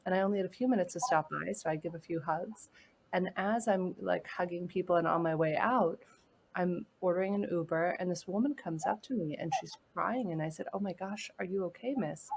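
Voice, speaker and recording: A woman speaking in a fairly low voice, earnest and gently encouraging as she tells a personal story in an interview. A faint hiss of noise sits under the recording. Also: fairly quick, vocal fry. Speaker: guest. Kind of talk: heartfelt interview talk.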